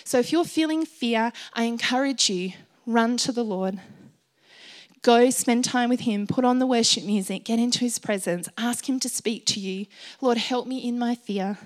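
Woman, preacher, sermon, earnest and conversational, slightly high-pitched, rhetorical questions. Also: normal speed.

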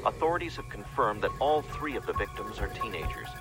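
An actor playing a male radio news announcer, reading a formal, measured bulletin. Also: fairly low pitch, animated, over music, close to an everyday voice, poor audio. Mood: grave. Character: grave male radio newsman, adult. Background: loud film score.

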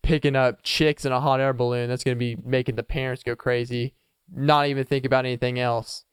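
A man hosting a casual solo podcast, rambling playfully and chuckling between thoughts. His voice is smooth and clear at a middle pitch. He is recorded close on the mic in a dry space with no echo. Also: little pitch movement, brisk. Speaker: podcast host.

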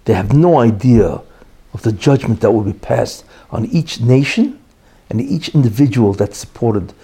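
A man's voice: medium pitch, big pitch swings, normal speed, mellow, breathy edge. A man giving an opinionated monologue as a commentator, emphatic and full of rhetorical questions and repeated "you know".

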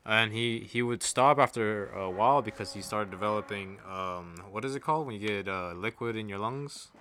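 A man's voice: on the low side, normal speed, noisy background. Laid-back rambling podcast guy. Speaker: podcast co-host. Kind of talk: casual chat.

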